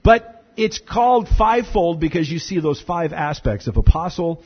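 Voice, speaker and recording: A man preaching a conversational sermon as pastor, chatty and animated, with many fillers and repeated words. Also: a little high, moderate pace, husky, dull audio.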